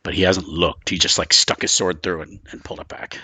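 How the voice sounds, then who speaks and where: A man's voice: low voice, little pitch movement, a little fast, sharp tone, slightly rough, no room sound. A man running a tabletop horror game as game master, describing scenes in a loose, rambling way full of filler words.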